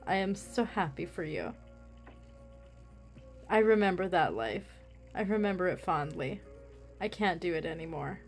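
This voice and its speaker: A woman's voice: fairly low pitch, animated, unhurried, long pauses, soft background music. A woman craft vlogger chatting casually while she works, rambling with self-mocking humor.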